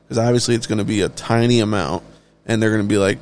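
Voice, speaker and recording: A man's voice: on the low side, fairly even intonation, fairly quick, a little mellow, a little hiss or hum. A man giving a casual, blunt ranting monologue, swearing freely and talking offhand as a solo show host. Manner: blunt, heavily profane, offhand.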